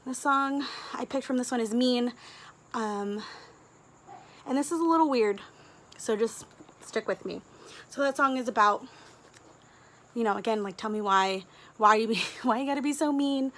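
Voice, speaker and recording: A book vlogger talks to her camera at home, gushing and chatty with giggly asides. Her voice sits a touch high and runs gravelly with fry, and a faint hiss of noise lies under the recording. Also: moderate pace, long pauses, a bit bright. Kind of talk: casual chat to camera.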